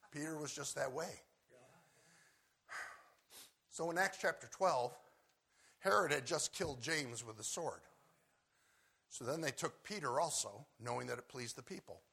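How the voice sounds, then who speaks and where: A man preaches with a husky, gravelly voice that has a bright, forceful edge. He bursts into loud shouts when acting out scripture scenes, then sinks to quiet, low asks of his listeners. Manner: swings from loud shouted acted quotes to low quiet asides. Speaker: pastor. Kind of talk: sermon.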